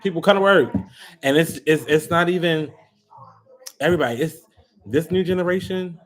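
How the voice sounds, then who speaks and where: A man's voice: fairly high pitch, normal speed, long pauses. Man ranting on a live stream. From Baltimore, USA. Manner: animated, exasperated ranting to viewers. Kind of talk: casual live-stream chat.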